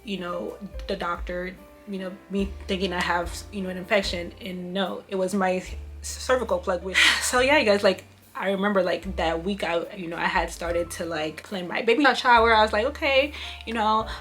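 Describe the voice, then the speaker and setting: A woman's voice: fairly low pitch, fairly even intonation, normal speed, a bit bright. A young woman talks straight to her viewers, telling a hard personal story in an open, emotional, unpolished way. She keeps addressing them as "you guys" and leans on "you know" as she goes. Faint music plays behind her. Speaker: vlogger. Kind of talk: casual storytelling to camera.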